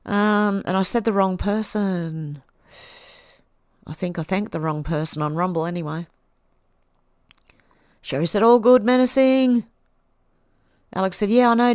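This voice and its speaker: A woman's voice: medium pitch, a little slow, pauses often, darkish tone, smooth, dry recording, clean studio sound. Australian woman reading out live chat. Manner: chatty, reads comments aloud and answers them with small laughs. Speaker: livestream host. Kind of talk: livestream reading out chat comments.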